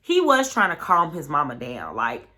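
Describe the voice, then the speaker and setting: A woman's voice: deep voice, wildly swooping pitch, moderate pace, pushed and bright. A woman vlogger recapping a reality show in a loose, chatty way, full of "like" and "you know what I'm saying". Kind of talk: casual storytelling recap.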